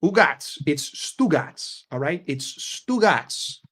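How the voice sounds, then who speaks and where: A man's voice: a little high, animated. A man doing a drawling New mobster. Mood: swaggering. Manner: drawn-out, slangy drawl. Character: tough New Jersey mobster type, male.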